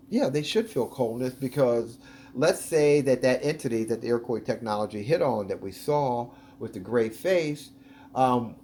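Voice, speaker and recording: A man's voice: medium pitch, dark tone. Chatty man narrating over footage. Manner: chatty, enthusiastic, many ums. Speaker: video host analyzing footage. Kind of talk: casual commentary over footage.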